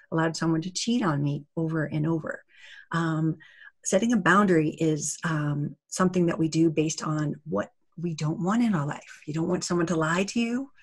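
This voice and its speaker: This woman has a low, husky voice. In an interview-style summit talk on narcissistic abuse recovery, she speaks earnestly and conversationally about boundaries, playing out little exchanges as she talks.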